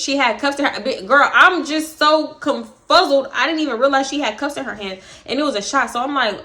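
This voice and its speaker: A young woman telling a wild story on her vlog, high-pitched and bright. She is profane and animated, with frequent laughter. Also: fast. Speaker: vlogger, storytime host.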